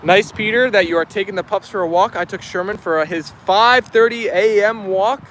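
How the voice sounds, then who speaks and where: This dog channel host is live outside with his dogs, chatting warmly as he reads out comments from viewers. He speaks at a moderate pace in a high-pitched, somewhat bright voice, and there's a little background noise.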